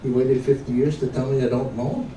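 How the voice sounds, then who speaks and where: A man doing an old wife, high and pleading. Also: fairly even intonation, a little fast, warm tone, lightly acted. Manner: rising, pleading questions. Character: elderly wife married fifty years, eager and flustered. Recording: roomy, distant mic, noisy.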